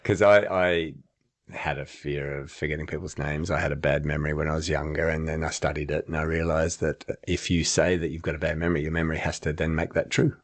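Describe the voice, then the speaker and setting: A man's voice: rumbling low, level tone, quick pace. A man chatting on a podcast, explaining his ideas through acted-out examples and laughing often. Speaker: podcast co-host and memory trainer. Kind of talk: casual podcast chat.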